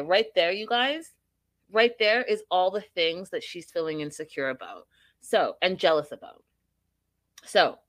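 A woman's voice: medium pitch, a bit bright, no echo. A woman casually recapping a reality show, opinionated and full of rhetorical questions.

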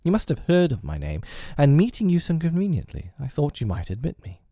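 A man's voice: fairly high pitch, wildly swooping pitch, a little fast, mellow, no room sound, studio quality, pitched above the performer's own voice, exaggerated voice. A man reading aloud, voicing an earnest, proper middle-aged lawyer who asks pressing, polite questions.

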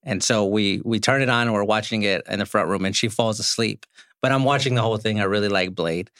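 A man in his forties hosting a podcast, telling animated stories in casual chat with frequent swearing. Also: fairly low pitch, quick pace, clean tone, no room sound, studio quality. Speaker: podcast host.

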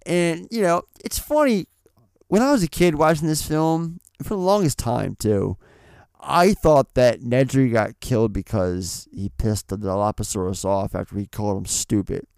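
A man's voice: medium pitch, moderate pace, creaky, darkish tone, dry recording. A man hosting a casual film podcast, reading trivia and swearing freely in a laid-back way. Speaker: podcast host.

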